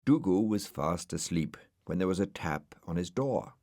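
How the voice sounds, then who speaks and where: A man narrating a children's storybook aloud with gentle expression. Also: low voice, lively intonation, moderate pace, hardly any pauses, no echo, studio quality. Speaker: audiobook narrator. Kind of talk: storybook reading.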